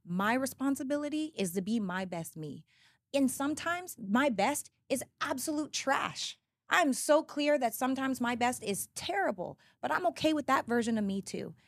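A woman guest on a podcast, talking candidly in animated, emphatic bursts with frequent restarts. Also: high-pitched, moderate pace, no room sound. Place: podcast studio. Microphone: studio podcast mic. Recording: dry close studio sound.

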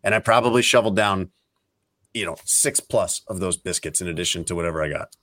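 A man's voice: deep voice, fast. A man hosting a podcast, chatting casually and teasing his co-hosts as he rambles through stories. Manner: animated, teasing, rambling storyteller. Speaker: podcast host. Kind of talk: casual banter.

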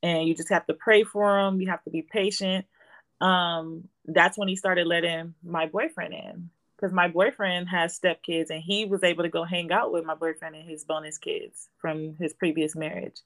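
A woman's voice: on the low side, steady tone, normal speed, fairly bright tone, rough recording. A woman in her forties, talking casually as a guest and explaining her family life in a reflective, storytelling way. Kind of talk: casual conversation.

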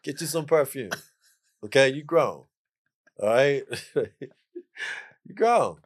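A man's voice: mid-range voice, animated, slow. A man guest on a casual podcast, playfully lecturing his listeners and repeating phrases for emphasis. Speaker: podcast guest, jazz musician.

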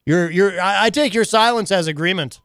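A man's voice: high-pitched, a little fast, fairly bright tone, smooth, no echo, studio quality. A man hosting a radio show in casual chat, teasing his co-host in a playful, mock-dramatic way. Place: radio studio.

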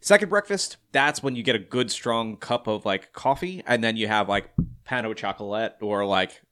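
Bright-voiced easygoing man podcaster. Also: lowish voice, expressive, moderate pace, clear, resonant tone. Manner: easygoing, listing things with many fillers. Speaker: podcast co-host. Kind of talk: casual chat.

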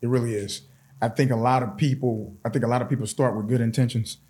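A man's voice: mid-range voice, steady tone, fast, dark tone. A middle-aged man chatting as a podcast guest. He is earnest and encouraging and keeps hammering his points home by repeating them. He sounds plain and conversational. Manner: earnest and encouraging, emphatic repetition. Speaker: podcast guest, fraternity chapter president. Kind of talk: casual interview chat.

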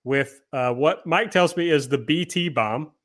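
A man's voice: on the high side, measured pace. A man hosting a casual podcast, recapping events from his notes in a chatty, self-deprecating way. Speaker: podcast host. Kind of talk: casual chat, recapping wrestling.

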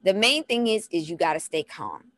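Woman, mother, casual parenting talk, lively delivery, slightly low voice. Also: normal speed. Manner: animated, repeats short phrases, acts out toddler voices. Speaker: mom giving parenting tips.

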